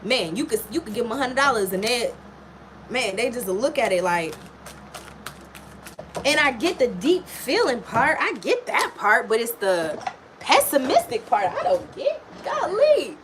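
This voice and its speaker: A woman's voice: on the high side, big pitch swings, unhurried, background noise. A woman giving a casual live-stream tarot and astrology reading, blunt and slangy, swearing and chatting with viewers. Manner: blunt, slangy, swears freely, talks to chat.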